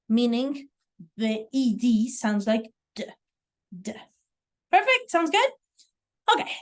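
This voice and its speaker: Slow, encouraging woman teaching pronunciation. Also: high voice. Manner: encouraging, drills sounds and praises students. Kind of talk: classroom lesson.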